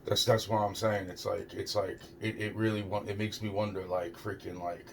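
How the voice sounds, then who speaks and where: Halting, swearing man, low voice. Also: level tone, noisy background. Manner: halting, repeats "it's like", heavy swearing. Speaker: storyteller recounting a personal experience. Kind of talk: rambling personal account.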